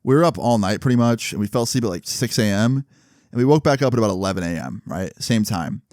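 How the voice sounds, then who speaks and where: A man telling a story in a casual storytime vlog, animated and full of swearing and fillers. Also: lowish voice, quick pace, no room sound, studio quality.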